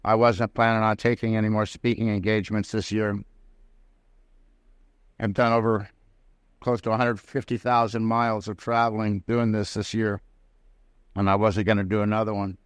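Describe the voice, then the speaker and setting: A man's voice: fairly low pitch, little pitch movement, moderate pace, pauses often, clean tone, no room sound. Folksy man telling his recovery story. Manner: folksy, plain-spoken storytelling with Southern-style grammar. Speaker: recovery convention speaker. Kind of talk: personal recovery story told to a live audience. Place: prison hall.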